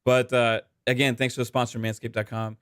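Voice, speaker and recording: A man's voice: medium pitch, flat delivery, fairly quick, fairly bright tone, smooth, no echo, clean studio sound. A man from Texas hosting a gaming podcast in a laid-back, casual way, with many fillers. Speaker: podcast host. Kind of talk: casual chat.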